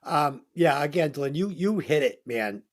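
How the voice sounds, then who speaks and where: Man, movie podcast co-host, casual enthusiastic chat, fairly high voice, swears a lot. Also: lively intonation, a little slow.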